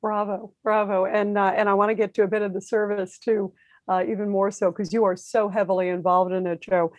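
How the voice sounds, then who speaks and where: A woman hosting a live interview, enthusiastic and a little halting, with many fillers. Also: medium pitch, level tone, dry recording. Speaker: interview host.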